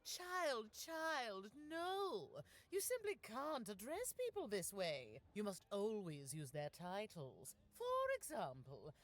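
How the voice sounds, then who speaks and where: A woman's voice: mid-range voice, wildly swooping pitch, slow, few pauses. A snooty society lady. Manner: sniffy, lecturing and disdainful. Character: snobbish disdainful high-society lady.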